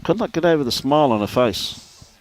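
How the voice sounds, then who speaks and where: A man's voice: on the high side, animated, fairly quick. A man with an Australian accent giving live lawn bowls commentary outdoors, chatty and laughing often as he greets viewers by name. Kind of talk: live sports commentary and casual chat.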